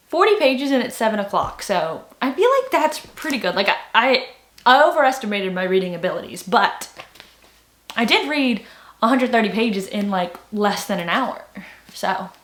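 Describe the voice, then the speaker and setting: A young adult woman, a booktuber, chats casually in a vlog and rambles with lots of filler words. Her voice is mid-range and a bit bright, recorded in an echoey room.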